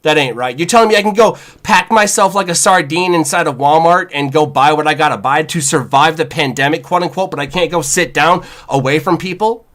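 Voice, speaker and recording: A chef co-hosting a podcast, talking in a casual, animated, profane rant with lots of "y'all.". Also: male voice, on the high side, a little fast, few pauses. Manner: animated, profane, says "y'all" and "you know what I'm saying".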